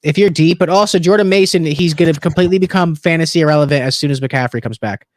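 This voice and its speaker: A young man co-hosting a casual football livestream, loose and profane, joking and jumping around in pitch. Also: fast talker, no echo. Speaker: co-host of a fantasy football stream.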